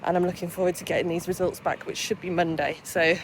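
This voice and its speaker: A young adult woman from England talking straight to camera in a casual vlog, chatty and animated, swearing freely as she retells her day. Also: lowish voice, fast talker, slight background noise. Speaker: vlogger.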